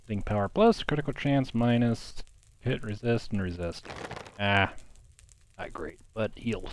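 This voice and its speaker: Low-voiced man muttering game commentary. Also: lively intonation, a little slow, a little hiss or hum. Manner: mutters menu choices half to himself. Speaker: gaming commentator. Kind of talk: casual let's-play commentary.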